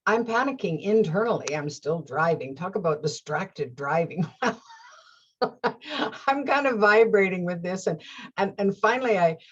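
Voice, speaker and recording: A woman hosting her own show, telling a personal story in a casual, animated way with frequent laughter. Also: mid-range voice, breathy edge, lo-fi sound. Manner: animated, laughs often, restarts phrases. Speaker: host.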